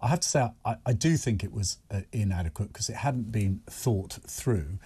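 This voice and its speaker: Husky-voiced male talk-radio host. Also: lowish voice, expressive, normal speed, warm tone. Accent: British English. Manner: conversational, candid, self-correcting. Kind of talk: casual talk-radio chat with callers.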